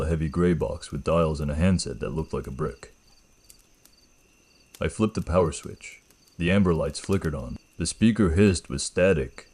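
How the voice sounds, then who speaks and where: A man narrating a first-person horror story in a grave, measured way. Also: a bass voice, darkish tone, husky.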